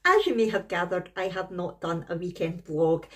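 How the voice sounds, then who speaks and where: A woman's voice: on the low side, expressive, normal speed, a little hiss or hum. A middle-aged Scottish woman, a family vlogger, telling a story to camera in a chatty, rambling way. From Scotland. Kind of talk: casual talking-to-camera vlog.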